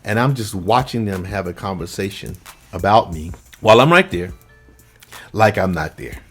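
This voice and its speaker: A man, a vocal coach, telling a story to his viewers in a relaxed, conversational way and acting out what others said. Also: low-pitched, moderate pace, husky, soft background music. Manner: lively anecdote telling, acts out the other people's lines; relaxed, conversational, with frequent fillers. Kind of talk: casual storytelling to camera.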